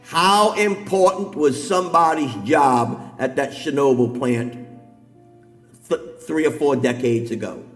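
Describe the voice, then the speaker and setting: Middle-aged male preacher, higher voice, soft music under a long hall echo. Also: unhurried. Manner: builds from calm talk to shouted, near-sung preaching. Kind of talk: sermon. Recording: long hall reverb, faint music behind.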